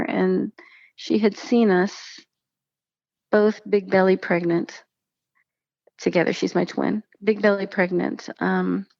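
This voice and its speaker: A woman's voice: medium pitch, vocal fry, dry recording, muffled recording. A woman, probably in her thirties, telling her personal story in casual conversation and acting out the voices of the people she quotes. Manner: animated storytelling, acts out quoted speech.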